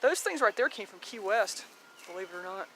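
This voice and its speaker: A woman's voice: medium pitch, lively intonation, brisk, fairly bright tone, a little hiss or hum. A woman giving a casual walking tour of her home garden, chatty and rambling, blunt, with mild swearing and frequent laughter.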